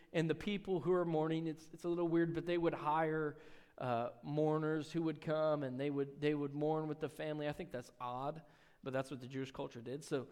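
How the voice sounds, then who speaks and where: High-voiced man preaching in a reverberant hall. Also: darkish tone. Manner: reads scripture aloud, then explains in casual asides; rises in pitch and volume on key lines. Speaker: pastor. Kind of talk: sermon. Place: church sanctuary. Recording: long church hall reverb.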